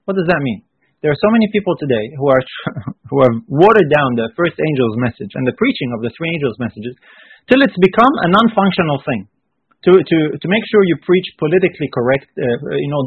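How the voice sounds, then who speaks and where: A man's voice: fairly high pitch, dry recording. Emphatic preacher man on a tinny line. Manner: emphatic, with rising bursts and repeated phrases. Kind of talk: sermon. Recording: husky voice on a tinny phone-like line.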